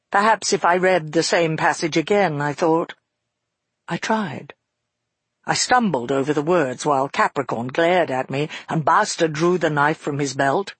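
A man voicing a father who tells his daughter a frightening past event in a measured, earnest first-person telling. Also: on the high side, a bit bright, husky, no echo, full character voice. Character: grown father recounting a frightening past, shaken. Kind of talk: audiobook narration.

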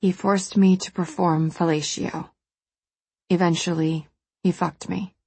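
A woman voicing a wounded, defiant woman confessing quietly, in an audiobook. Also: on the low side, fairly even intonation, unhurried, husky, no echo. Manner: quiet, steely.

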